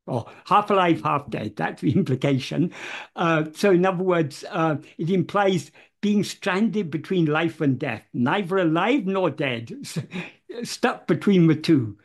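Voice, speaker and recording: A man talks through the meaning of a devotional verse at an unhurried, slow pace. He is measured and careful, stopping often on hesitant fillers and restarting his phrases as he explains each word. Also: high-pitched, slightly rough. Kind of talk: unscripted explanatory talk.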